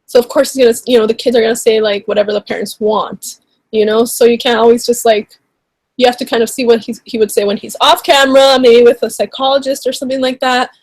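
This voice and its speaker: Woman YouTuber, higher register, dry close sound; indignant, rambling casual commentary full of fillers. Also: little pitch movement, fast, no room sound. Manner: indignant, rambling, heavy on "like" and "you know".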